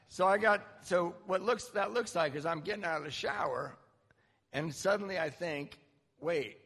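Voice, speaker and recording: A man sharing a candid, self-mocking recovery story to a group, with halting restarts. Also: medium pitch, gravelly, a bit bright, slightly rough, long reverb tail. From Southern California. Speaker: recovery speaker. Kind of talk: personal story talk.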